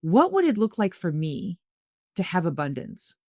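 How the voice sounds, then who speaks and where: Guesting on a podcast, a middle-aged woman from Canada shares a personal story at normal speed in a slightly low voice. Her delivery is earnest and lively, full of restarts, and the audio is close and dry without room sound.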